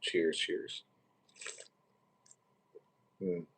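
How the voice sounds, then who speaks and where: A man's voice: very slow, a bit bright, slight background noise. A man, hosting a tarot livestream in rambling, profane, joking casual chat.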